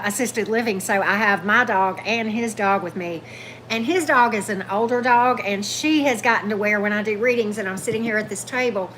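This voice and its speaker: A woman, talking casually on a livestream as a tarot reader, her voice going hoarse, chatting with viewers and calling her dog in a high coaxing voice. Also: a bit bright, slight background noise. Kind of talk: casual live chat with viewers. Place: indoors at a table at home.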